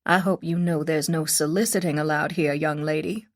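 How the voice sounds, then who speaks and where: A sharp-tongued old woman in her late seventies who lectures strangers, put on by a female audiobook narrator. Her voice sits fairly low and clipped, with a disapproving, scolding edge. It is a plain storybook reading. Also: fairly even intonation, normal speed, lightly acted. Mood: snappish. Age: older. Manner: scolding, preachy.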